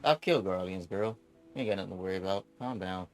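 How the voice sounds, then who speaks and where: Brief: proud, smug game general, calm and superior; a male streamer reads her. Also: low-pitched, fast, faint music behind, voice pushed down.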